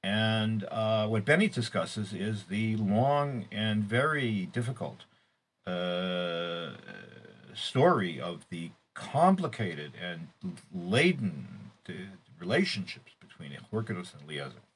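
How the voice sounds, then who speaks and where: A middle-aged man gives a loose, unscripted Torah class, often restarting his sentences and padding them with fillers. His voice sits low and has a husky, slightly breathy edge. Now and then he jumps up in pitch to press a point. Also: big pitch swings. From Israel. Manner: halting, many restarts and fillers, rising emphatic stresses. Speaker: teacher giving a weekly class.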